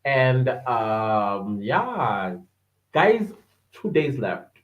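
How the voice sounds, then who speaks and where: A man's voice: medium pitch, sing-song, very slow. A man hosting a livestream podcast, chatting casually, laughing often and greeting viewers by name as he reads their comments aloud. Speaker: podcast host reading live chat. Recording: echoey room, dull lo-fi sound.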